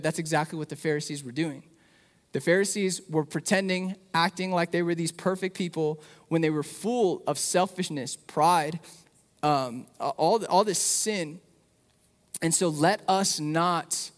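Passionate pastor in an echoing hall. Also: male voice, a little high. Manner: passionate, repeats words, builds to rising emphasis. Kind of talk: sermon and prayer. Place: church.

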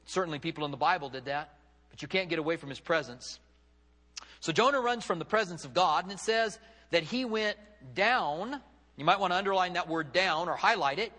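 A man preaches in a high, bright, ringing voice, acting out the lines he quotes with sweeping dramatic rises and drops. His words trail off into the long reverb of a church sanctuary. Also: animated, quick pace. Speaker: pastor. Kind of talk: sermon.

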